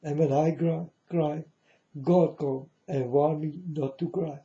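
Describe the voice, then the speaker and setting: A man giving a mournful prophetic warning monologue, slowly speaking straight to his listeners and calling them folks. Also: a little high, fairly even intonation, warm tone. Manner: slow, mournful, repeatedly addresses listeners as folks. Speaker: self-styled prophet. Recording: dull lo-fi audio.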